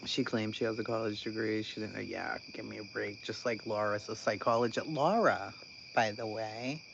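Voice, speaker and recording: A man hosting a channel, talking casually about online drama in an animated, incredulous way and laughing often. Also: on the low side, moderate pace, creaky. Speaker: channel host. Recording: dull lo-fi sound with constant background noise.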